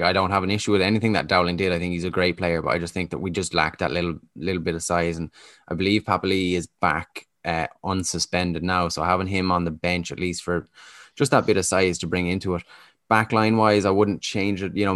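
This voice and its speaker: A man with a very deep, low voice talking casually on a sports podcast. He is opinionated and matter-of-fact, and the sound is dry and close. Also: a bit bright, no echo. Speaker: podcast co-host.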